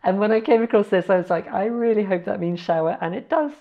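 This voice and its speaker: In a chatty way, this language learner walks through foreign vocabulary, spelling letters out slowly and correcting herself. Her voice sits in the mid-range, and the high frequencies are missing from the audio.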